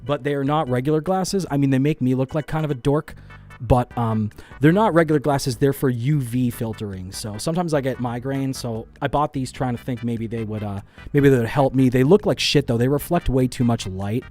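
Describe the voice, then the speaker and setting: A man's voice: mid-range voice, brisk, warm tone, soft background music. A man hosting a casual live stream at a studio microphone, reading chat aloud, rambling, swearing often and poking fun at himself. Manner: rambling, swears a lot, self-deprecating. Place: home studio with lights.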